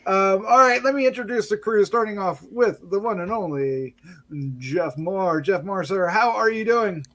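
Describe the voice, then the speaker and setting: A man's voice: high voice, moderate pace, a bit bright. A man hosting a casual review show, playful and chuckling, sometimes stumbling over his words. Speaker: podcast host.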